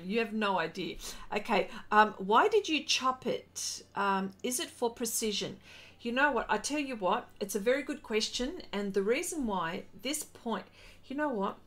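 A middle-aged woman hosting an art livestream, chatting casually, excitable and reading viewer comments aloud as she paints. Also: medium pitch, moderate pace.

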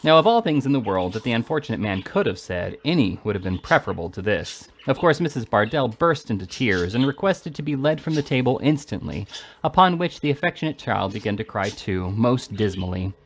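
Male reader for a classic novel, animated delivery, lively pitch, faint hiss behind. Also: a little fast. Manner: expressive, animated reading. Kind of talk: reading a classic novel aloud.

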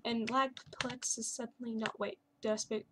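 A woman's voice: fairly high pitch, little pitch movement, moderate pace, background noise. A young woman casually commenting over her Minecraft gameplay, chatty and sarcastic with self-mocking asides. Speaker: gaming channel host. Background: keyboard and mouse clicks.

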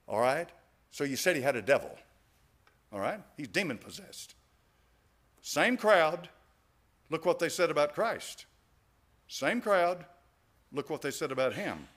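A male pastor preaching with a lively, swooping voice that sits a little high for a man. He is emphatic, pushing hard on key phrases and putting rhetorical questions to the congregation. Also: a little slow, pauses often. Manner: emphatic, rises to stressed phrases. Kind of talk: preaching a sermon.

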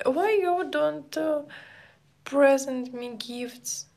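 Young woman livestreaming, really slow, simple non-native english, greeting viewers. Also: high-pitched. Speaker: live streamer. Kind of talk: casual live-stream chat with viewers.

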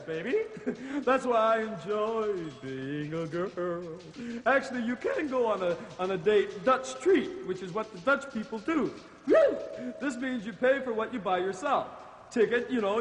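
A man's voice: high voice, very animated, moderate pace, roomy sound, in a large hall. A man voicing Griselda, a vain, flirty witch hostess who cackles and answers letters. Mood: vain cackling. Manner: cackling, flirty, self-admiring.

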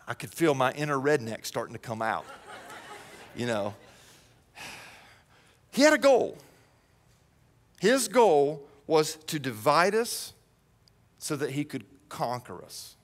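A middle-aged man preaching a sermon, storytelling with lively, acted-out exchanges and quick repeated starts. His voice sits high for a man. It rings with a long reverb from a large hall. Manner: animated storytelling, acts out quoted voices, repeats words. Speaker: pastor.

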